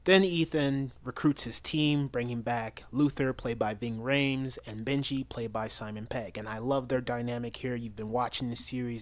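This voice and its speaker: A man giving a casual, enthusiastic spoken movie review, chatty and full of restarts. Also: mid-range voice. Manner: chatty, enthusiastic, with frequent restarts and quoted lines.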